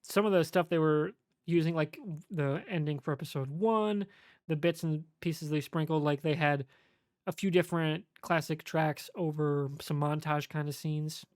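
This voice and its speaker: A podcast co-host giving a measured, analytical take in casual chat, with many fillers. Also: medium pitch, darkish tone, no room sound, clean studio sound.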